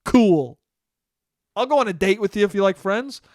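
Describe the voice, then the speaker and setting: Alone at his podcast mic, a young male host with a fairly high voice rants at a moderate pace in a solo monologue. He's animated, swears and laughs often, and mocks his critics in put-on voices. The recording is dry and close, with no room sound.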